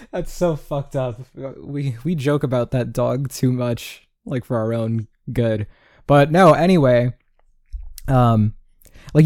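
Recording indoors at home, this twenty-something podcast host goes solo, wandering through topics, cursing without restraint, and sprinkling in Spanish words. His mid-range voice is a little mellow, and the sound is clean and studio-like with no echo.

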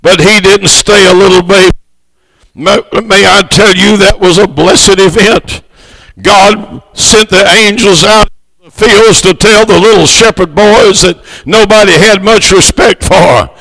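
A high, bright-voiced man preaching a fervent sermon, his tone shot through with gravel. He builds to shouts and stretches out the words he wants to land. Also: a little slow, low-quality recording. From United States. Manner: fervent, swells to shouts, draws out key words. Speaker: missionary preacher.

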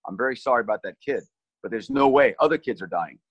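A man's voice: medium pitch, expressive, fast, a bit bright, breathy edge, no room sound, dull audio. Earnest middle-aged man telling a story. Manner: earnest, restarts and repeats words while recalling. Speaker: relief team leader recounting a rescue. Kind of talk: personal storytelling in conversation.

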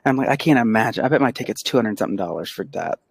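A man's voice: medium pitch, racing, vocal fry, husky, no room sound. Guy cohosting a podcast, acts out every line of the story, dead dry sound. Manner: animated storytelling, acts out quotes. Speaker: podcast co-host; pediatric physical therapist. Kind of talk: casual chat.

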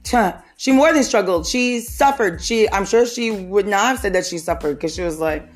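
A woman hosting a podcast, riffing in a casual comedic way, animated and jokey, often slipping into quick impressions. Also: mid-range voice, faint music behind. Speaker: podcast host.

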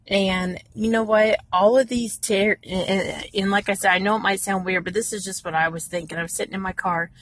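A woman's voice: mid-range voice, steady tone, brisk, few pauses, fairly bright tone. A woman giving an earnest, encouraging devotional talk from inside her parked car, with many fillers. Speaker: devotional speaker.

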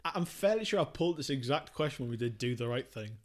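Casual male podcast co-host, mid pitch, jokey and rambling, quizzing a friend. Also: expressive, fast talker. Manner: jokey, rambling, self-deprecating. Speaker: podcast co-host asking quiz questions. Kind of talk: casual film podcast chat.

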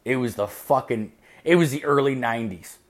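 Gruff, dismissive middle-aged dad, curt and profane, as his son does him. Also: mid-range voice, moderate pace, natural voice.

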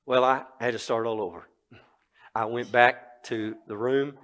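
A man's voice: mid-range voice, fairly even intonation, unhurried, a bit bright. A man in his sixties preaching a sermon, telling a personal story with animation and then reading scripture earnestly. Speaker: pastor.

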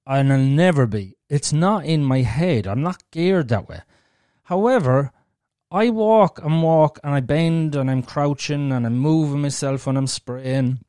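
A man's voice: fairly high pitch, measured pace, dark tone, smooth, no echo, clean studio sound. A man with an Irish accent hosting a solo podcast, talking frankly and bluntly and swearing freely as he shares his own experience. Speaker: podcast host. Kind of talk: candid solo podcast monologue.

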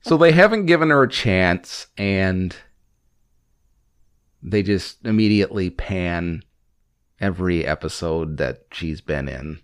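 A podcast host in casual chat on a call, animated and playful, laughing often. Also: sits low, takes it slowly, long pauses, smooth, no echo, studio quality. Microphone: call audio.

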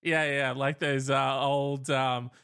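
A man's voice: medium pitch, little pitch movement, takes it slowly, fairly bright tone, clear, resonant tone. A man co-hosting a casual advice podcast, joking around and riffing into mock-indignant rants. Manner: jokey, riffs on ideas, mock-indignant rants. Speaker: podcast co-host.

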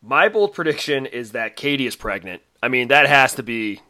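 A man's voice: mid-range voice, expressive, normal speed, bright, forceful tone, dry recording. A man co-hosting a podcast in casual chat, laughing often and quoting others. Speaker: podcast co-host.

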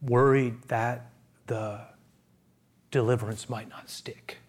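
A man preaching a sermon, repeating himself and acting out the people in the story, swinging from loud exclamations to hushed near-whispers. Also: mid-range voice, fairly even intonation, slow pace. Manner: repeats words and acts out quoted voices. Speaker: pastor.

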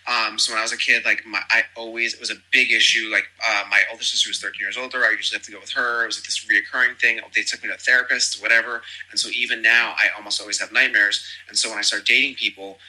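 A man's voice: lowish voice, level tone, fast, few pauses, sharp tone, poor audio. A man chatting casually as a podcast guest, rambling and gossipy with lots of fillers. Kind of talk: casual chat.

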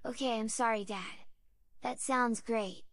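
A woman voicing a cheeky young boy who answers his dad in a sassy, deadpan way. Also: on the high side, unhurried, no room sound, clean studio sound.

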